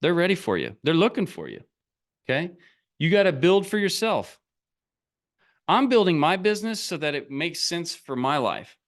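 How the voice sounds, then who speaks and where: A man's voice: fairly high pitch, big pitch swings, moderate pace. A middle-aged man coaching on online business in a blunt, rambling, casual motivational talk, often breaking into laughs.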